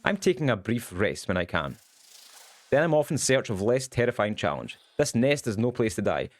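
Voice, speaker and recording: A man's voice: mid-range voice, very animated, moderate pace, lightly acted. A man reading out the lines of a weary, sore bug adventurer from a video game.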